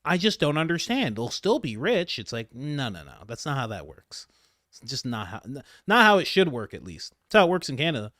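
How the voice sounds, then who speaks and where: A man hosting a commentary channel, reacting to a clip in a sarcastic, animated way that swings between mutters and outbursts. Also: medium pitch, a little fast, dry recording, clean studio sound.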